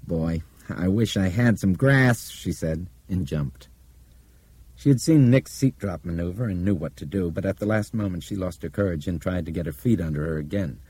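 A male audiobook narrator with a very low, dark voice and a husky grain. He reads steadily and evenly, and the sound is dry and close. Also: no echo. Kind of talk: scripted narration.

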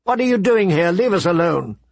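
A man's voice: high-pitched, animated, fairly quick, gravelly, no echo, pitched above the performer's own voice, full character voice. A man doing a fierce, defiant young girl. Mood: angry. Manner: shouting, angry.

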